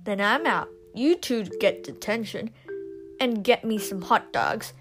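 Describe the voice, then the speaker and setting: A woman's voice: medium pitch, sing-song, unhurried. A woman voicing a mean, greedy female school principal who screeches and bellows. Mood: greedy whine. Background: instrumental music.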